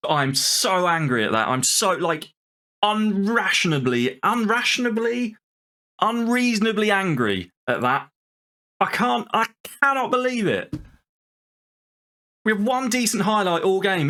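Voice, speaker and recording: Guy doing let's-play commentary, pitch jumping all over, ranty and sweary. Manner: exasperated, swearing, ranting; lively play-by-play over a football game. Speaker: gaming channel host.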